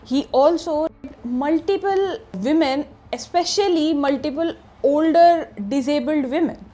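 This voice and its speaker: A woman's voice: high-pitched, a little mellow. A woman retelling a true crime story in a casual, chatty way, slipping into present tense and fillers.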